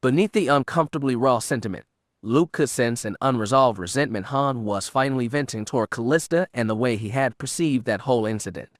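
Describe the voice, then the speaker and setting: A man's voice: medium pitch, brisk, dry recording. Man narrating an audiobook in a dry, close recording.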